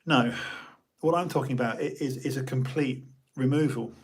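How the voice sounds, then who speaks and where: Husky-voiced British man rambling on. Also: mid-range voice, normal speed. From United Kingdom. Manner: chatty, animated, jokey, many restarts. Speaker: live streamer. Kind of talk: casual rambling monologue.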